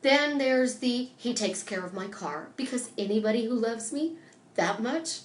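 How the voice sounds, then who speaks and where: A woman life coach giving an emphatic, animated motivational talk on a live stream, acting out little conversations as she goes. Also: a little high, unhurried, echoey room.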